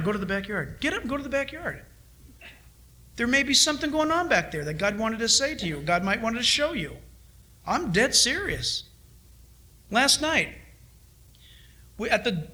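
A middle-aged man preaching with lively, animated pitch that leaps up when he urges and drops low for quiet asides. His voice sits unusually high for a man. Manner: animated, swings between loud urging and hushed asides. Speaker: pastor. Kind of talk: sermon.

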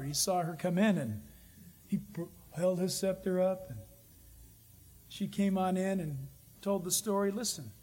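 A man with a fairly high voice, preaching a sermon. He tells stories in an earnest way and draws out the phrases he wants to stress. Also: slightly rough. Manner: earnest, storytelling preacher with emphatic slowed phrases. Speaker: pastor.

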